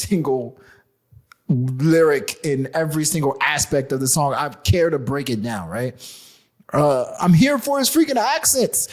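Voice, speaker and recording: A man with a husky, slightly raised voice talks on a casual podcast. His pitch swings widely as he makes his points emphatically, stumbling over repeated words when he gets heated. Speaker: podcast co-host.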